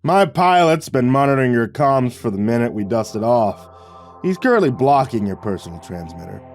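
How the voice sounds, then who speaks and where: A man's voice: medium pitch, very animated, normal speed, soft background music, pitched above the performer's own voice. A man voicing a domineering, sneering military commander who barks orders and mocks. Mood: menacing. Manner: barking orders, mocking.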